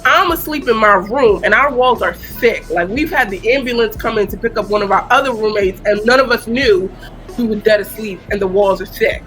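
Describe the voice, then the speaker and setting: A woman co-hosting a casual chat, telling a story in a relaxed, chatty way. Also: mid-range voice, fairly quick, soft background music. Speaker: podcast co-host.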